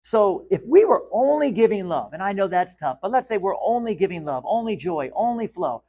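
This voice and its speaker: A man's voice: sits high, very animated, moderate pace, mellow, dull audio. A man giving a spiritual teaching talk in an emphatic way, repeating key phrases and asking the listener questions.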